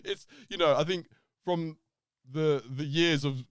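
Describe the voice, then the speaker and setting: A man co-hosting a casual podcast chat, animated, laughing often and swearing as he acts out quotes. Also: on the high side, measured pace, smooth. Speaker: podcast co-host.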